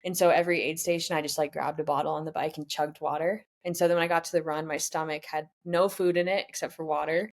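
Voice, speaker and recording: This low-voiced woman talks fast with fairly even intonation and barely pauses. She's a professional triathlete in her twenties, casually telling a podcast interviewer about a hard race and quoting what she and others said.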